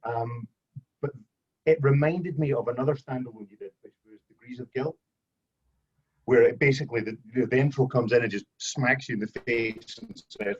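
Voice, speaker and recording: A man's voice: medium pitch, moderate pace, breathy edge, muffled recording. A male author acting as guest interviewer, praising the book in a rambling lead-in before asking his question over a video call.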